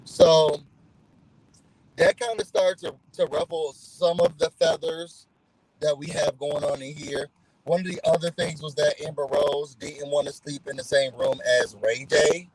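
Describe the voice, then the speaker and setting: Speaking a little slowly in a slightly high voice, a man offers a laid-back recap of a reality show for his channel. He animates the story by acting out people's words in other voices, though the audio is poor.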